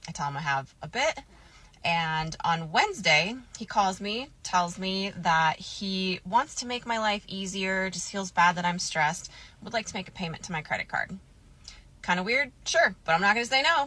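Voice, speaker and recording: Bright, animated woman telling a story. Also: mid-range voice. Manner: animated, candid, drops casual swearing. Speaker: storytime vlogger. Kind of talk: casual storytime monologue.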